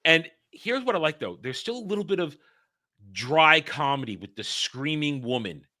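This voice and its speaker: Bright-voiced man chatting about a film. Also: on the high side, sing-song, moderate pace. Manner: rambling, stumbles over words, laughs often. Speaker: podcast host. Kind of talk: casual film discussion.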